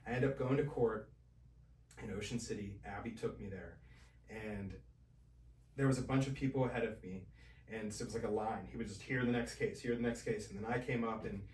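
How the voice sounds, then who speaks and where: A man as a podcast guest, telling his own story in a casual, animated way and acting out the voices of the people in it. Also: lowish voice, fairly quick, pauses often, roomy sound, recorded from a distance. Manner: animated, acts out quoted voices.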